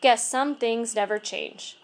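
A woman reading aloud, voicing an older male school custodian who talks in a plain, gentle, matter-of-fact way. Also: fairly high pitch, slow pace. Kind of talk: storybook reading.

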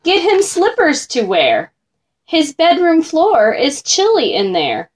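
A woman voicing a bright, eager little girl in a storybook, slightly bossy. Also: high-pitched, wildly swooping pitch, slow pace, voice pushed up, exaggerated voice.

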